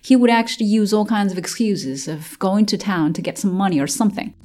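A woman's voice: mid-range voice, a little fast, a little mellow. A woman from China recalling her childhood in an interview, telling it with many fillers and restarts and laughing at times. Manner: laughs while telling hard memories. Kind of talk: personal storytelling in an interview.

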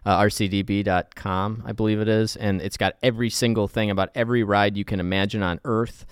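A man's voice: fairly low pitch, fairly even intonation, brisk, clear, resonant tone, no room sound, studio quality. A man guesting on a podcast, chatting loosely and joking about himself, with lots of um and like. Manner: rambling, self-deprecating, with fillers. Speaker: feature reporter, podcast guest. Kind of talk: casual interview chat.

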